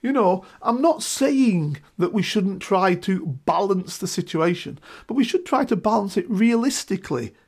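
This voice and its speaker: A middle-aged man with a high-pitched, breathy-edged voice speaks at a moderate pace, barely pausing. He's a guest in a casual discussion, talking emphatically and animatedly and checking in with "right?"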